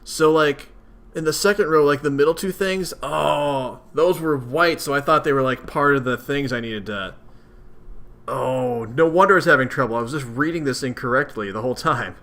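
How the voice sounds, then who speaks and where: A man's voice: medium pitch, moderate pace, a bit bright. A young man commenting casually as he plays a video game, chatty and self-mocking. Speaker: let's play host.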